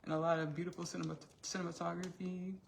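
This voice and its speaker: A woman hosting a casual livestream, retelling a story in an animated way, with many fillers and restarts. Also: fairly low pitch, fast talker, creaky, slight background noise. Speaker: livestream host.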